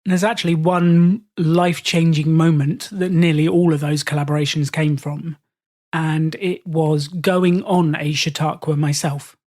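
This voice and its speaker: Animated British man telling stories. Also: fairly high pitch, measured pace. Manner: animated, acts out quoted voices. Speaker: podcast host being interviewed. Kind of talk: storytelling in casual conversation.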